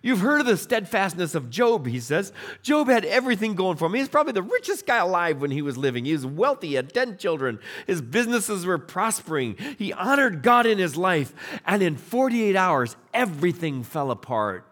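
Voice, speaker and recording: A middle-aged man preaching a sermon, retelling scripture stories with animated storytelling and acted-out voices. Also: high voice, a little fast. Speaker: pastor.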